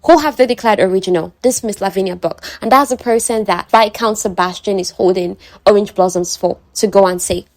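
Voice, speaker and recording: A young woman retelling a romance novel in a chatty, animated and dramatized way. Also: mid-range voice, fairly quick, hardly any pauses, no echo. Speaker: book summary vlogger. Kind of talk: casual story retelling.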